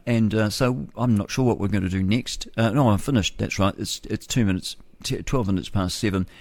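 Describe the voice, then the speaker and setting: New zealand radio guy rambling folksy, lowish voice, dry close sound. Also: creaky, a little mellow, no room sound. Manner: folksy, chuckling, meandering. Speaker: radio host. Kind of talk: rambling morning radio chat.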